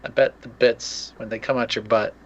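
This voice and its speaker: A man's voice: mid-range voice, flat delivery, normal speed, lo-fi sound, slight background noise. A man co-hosting a podcast in casual chat, playful and giggly, trading toilet humor. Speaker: podcast co-host.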